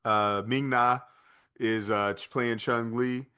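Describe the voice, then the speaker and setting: A man co-hosting a podcast in casual chat, retelling scenes with lively energy and quick asides. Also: medium pitch, smooth. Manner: animated storytelling, acts out movie lines in put-on voices. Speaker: podcast co-host.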